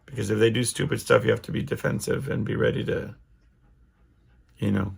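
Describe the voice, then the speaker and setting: A man's voice: on the low side, level tone, a little fast, creaky, slightly rough. A middle-aged man hosting his own podcast, talking alone in a casual, rambling way with lots of restarts and fillers. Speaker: podcast host. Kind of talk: casual solo monologue.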